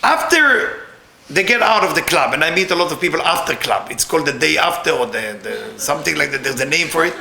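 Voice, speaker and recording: Lively, bright-voiced middle-aged male teacher. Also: on the high side, a little fast, gravelly, echoey room. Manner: animated, laughing, repeats words. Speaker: Kabbalah teacher. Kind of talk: storytelling class talk.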